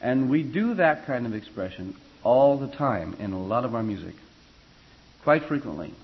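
The highs are cut off on this recording of a man whose mid-range voice has a sing-song quality at normal speed. Lecturing a choir class on vocal expression, he talks loosely, rambles with fillers and restarts, and spells out the musical terms.

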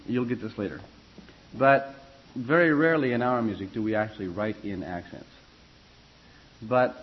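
A man's voice: mid-range voice, highs cut off, a little hiss or hum. A man teaching a choir class on vocal expression, talking in a loose, conversational way and spelling out musical terms. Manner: conversational, rambling, fillers and restarts, spells out terms. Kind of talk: classroom lecture on singing.

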